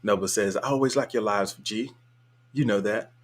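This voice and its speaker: A man hosts a casual livestream, reading viewer comments aloud in a relaxed, colloquial style and chuckling often. His voice is lowish and his pace normal.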